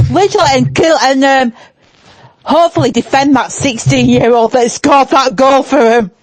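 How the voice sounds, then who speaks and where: A woman's voice: high voice, a little slow. A woman with a Yorkshire accent, a podcast panelist talking in a blunt, laughing way. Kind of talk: casual chat.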